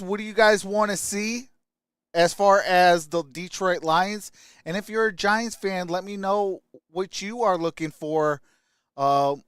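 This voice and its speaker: A man's voice: high voice, fairly bright tone, clean tone, no room sound, studio quality. Upbeat man hosting a live stream. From Michigan. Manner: upbeat, greets viewers by name, frequent "hey". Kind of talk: casual live-stream chat reading comments.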